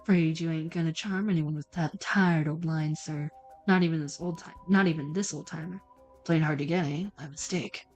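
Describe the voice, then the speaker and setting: A woman's voice: low-pitched, fairly even intonation, normal speed, a little mellow, faint music behind, pitched below the performer's own voice, lightly acted. A woman voicing a sly drawling old janitor. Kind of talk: reading a video game aloud.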